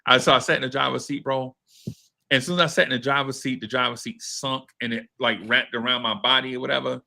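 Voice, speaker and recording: A podcast host tells a story in casual, slangy talk, swearing and acting out what people said with plenty of animation. His medium-pitched voice moves fast and carries some vocal fry.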